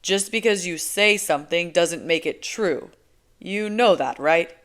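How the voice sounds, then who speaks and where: A woman's voice: on the low side, a little slow. A woman reading a teasing, laid-back young man. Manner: relaxed, teasing, emphatic. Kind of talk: audiobook character voice.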